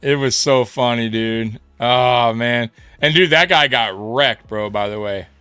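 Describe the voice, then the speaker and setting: A man's voice: mid-range voice, a little slow, sharp tone, clear, resonant tone, no room sound, faint music behind. A man hosting a sports livestream in a casual chat, laughing often and swearing in slang. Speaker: livestream sports show host.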